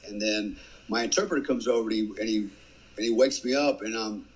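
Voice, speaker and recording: A man's voice: fairly low pitch, brisk, rough recording. A man telling a casual war story as a podcast guest, swearing freely and acting out what others said. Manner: animated storyteller, acts out quotes, swears freely. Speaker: guest, former special forces soldier.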